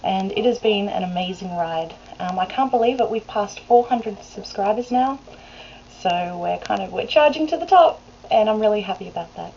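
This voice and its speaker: A woman's voice: medium pitch, animated, moderate pace, gravelly, warm tone. A woman, chatting casually to a webcam in a rambling way that is full of laughs. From Australia. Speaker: vlogger. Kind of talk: casual chat to camera. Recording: dull lo-fi webcam recording with faint hiss.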